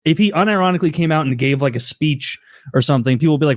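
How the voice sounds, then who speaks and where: A man hosting a casual podcast conversation. He talks in a relaxed, rambling way and hedges his points. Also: fairly high pitch, very fast, dry recording, clean studio sound. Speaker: podcast host. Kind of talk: casual chat.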